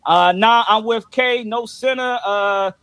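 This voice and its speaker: Young male host, high voice, easygoing; gives shout-outs and answers comments on a live sports stream. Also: takes it slowly, a loud crowd. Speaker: podcast host reading live chat. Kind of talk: casual sports talk stream.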